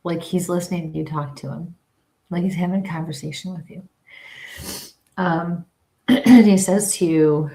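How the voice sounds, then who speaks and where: A woman's voice: low voice, steady tone, a little slow, long pauses, mellow. Laughing woman medium in an echoey room. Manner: chatty, laughs often, relays messages in quotes. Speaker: psychic medium and livestream host. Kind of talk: casual livestream chat and spirit reading.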